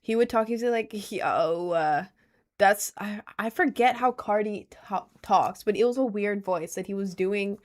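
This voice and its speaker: A woman's voice: mid-range voice, fairly even intonation, moderate pace, few pauses. A young woman in her late teens chatting casually to viewers, rambling with lots of fillers and wearing headphones with a mic. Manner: chatty, many "like" fillers, laughs at herself.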